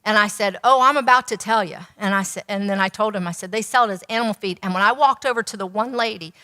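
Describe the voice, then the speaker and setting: A woman's voice: mid-range voice, fast, bright, forceful tone, in a large hall. A woman nutritionist giving a teaching talk, telling stories and asking the audience rhetorical questions.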